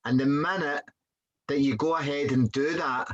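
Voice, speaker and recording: A man's voice: fairly high pitch, fairly even intonation, moderate pace, dull audio, slight background noise. A man earnestly explaining his reflections on a guest's story. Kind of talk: reflective commentary.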